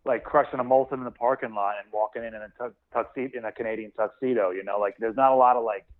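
A man's voice: mid-range voice, fairly even intonation, quick pace. A man telling rambling, laid-back stories in a casual podcast chat, often restarting his words. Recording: tinny phone-like line.

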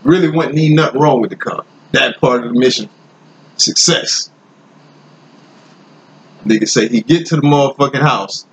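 A man telling a story in a casual, slangy, animated way, laughing as he goes. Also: mid-range voice, moderate pace, long pauses, a little hiss or hum, poor audio.

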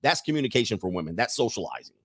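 A man lecturing bluntly as a relationship coach on a live-streamed show. He jokes provocatively, jumping between loud bursts and low muttered asides. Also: sing-song, racing, dry recording, clean studio sound.

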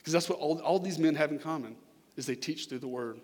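A man preaching a verse-by-verse sermon, conversational, with repeated words and swings from loud emphasis to quiet. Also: a little high, a little fast. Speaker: pastor. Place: church sanctuary. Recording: long hall reverb.

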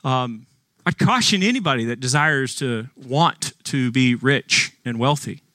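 A male pastor delivers a sermon close to a dry microphone, with no room echo. He tells stories casually and with humor, slowing his pace to stress key lines, and his tone stays bright and forceful. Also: mid-range voice, animated. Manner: conversational, storytelling with humor, slows for emphasis.

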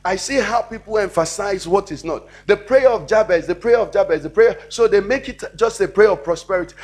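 A man's voice: high voice, fairly quick, hardly any pauses. A man, preaching a sermon as pastor, asking the congregation questions and acting out dialogue.

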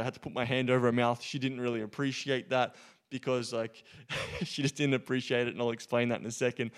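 Blunt, casual man with a mid-pitched voice. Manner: casual, blunt, with frequent profanity and fillers; acts out quoted dialogue as he tells stories. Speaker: podcast host and coach. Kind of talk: solo podcast monologue.

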